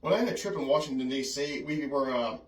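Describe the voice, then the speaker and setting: A man's voice: medium pitch, animated, fast. A man reviewing films in casual, rambling talk, apologetic and given to small chuckles. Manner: chatty, apologetic, frequent "oh, goodness" and chuckles. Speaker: film reviewer vlogger. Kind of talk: casual rambling film memories. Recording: echoey room, mic at a distance.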